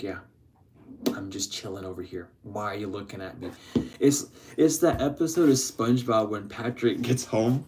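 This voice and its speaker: Chatty, profane man giving a tarot reading. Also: noisy background. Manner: chatty, slangy and profane, laughing often; drifts between loud excited bursts and low mutters. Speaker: tarot reader. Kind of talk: casual spiritual tarot reading.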